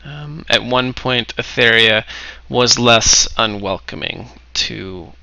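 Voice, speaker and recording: A man's voice: medium pitch, vocal fry, sharp tone, smooth, dry recording, full character voice, rough recording. A man playing a serious, formal halfling monster slayer in a tabletop game. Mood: grave. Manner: formal, measured, somber.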